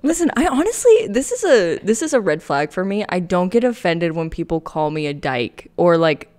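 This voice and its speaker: A woman's voice: fairly low pitch, very animated, normal speed, a little mellow. A woman co-hosting a podcast in casual chat, playful and wry, speaking with emphasis. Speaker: podcast co-host.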